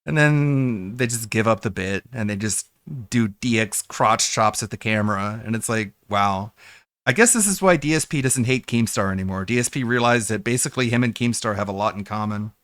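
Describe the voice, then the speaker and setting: A man streaming, rambling casually and mocking others with quick impressions. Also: fairly low pitch, a bit bright, dry recording, clean studio sound. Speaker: streamer reacting to fan videos.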